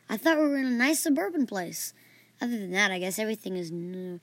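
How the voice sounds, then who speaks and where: A woman narrating a story podcast in a lively, playful way. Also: medium pitch, fast, no room sound. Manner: lively, playful, doing character voices.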